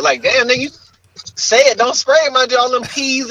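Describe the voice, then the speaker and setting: A man's voice: very high-pitched, brisk, sharp tone, lo-fi sound. A man co-hosting a podcast in casual chat, ranting brashly and crudely and joking as he goes. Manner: brash, profane, joking rants. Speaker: podcast co-host.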